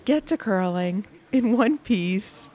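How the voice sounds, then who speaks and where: A woman hosting a podcast, telling a lively anecdote about her day, laughing often and acting out the people she quotes. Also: mid-range voice, takes it slowly. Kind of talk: animated anecdotal storytelling.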